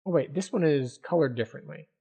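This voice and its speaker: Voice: mid-range voice, fast, vocal fry, warm tone, slightly rough. A gamer giving let's-play commentary on a retro adventure game, with wry, self-mocking asides.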